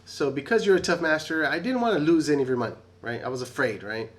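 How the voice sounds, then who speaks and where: A man's voice: on the high side, lively intonation, fast, voice pushed up, close to an everyday voice. A man voicing a timid, fearful male servant who pleads and rambles through his excuses. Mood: nervous pleading.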